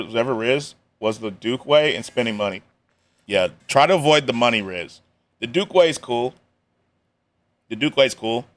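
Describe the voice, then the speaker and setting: A man streaming live, reacting to a video with relaxed, slang-heavy chatter. His voice sits at an ordinary pitch for a man, and his delivery stays loose and offhand, full of joking asides.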